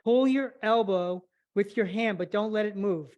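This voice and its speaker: A woman's voice: medium pitch, a little slow, a little mellow, highs cut off. A woman teaching a live online stretching class, cueing each movement step by step and a little out of breath. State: slightly out of breath. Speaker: flexibility instructor.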